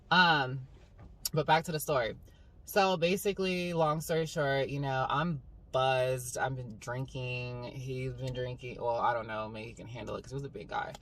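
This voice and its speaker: A young woman telling a story to camera in a casual, rambling vlog style, full of "like" and "um". She tells it in an animated, dramatic way. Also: very deep voice. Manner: rambling, filler-heavy, with 'like' and 'um'. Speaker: vlogger. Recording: slightly distant mic, faint background hum.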